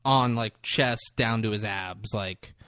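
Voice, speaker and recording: A man's voice: fairly low pitch, slow, no echo, studio quality. A man co-hosting a podcast, casually retelling a film scene by scene and acting out the lines. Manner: animated retelling, acting out lines, laughs often. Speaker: podcast co-host recapping a movie. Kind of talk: casual chat.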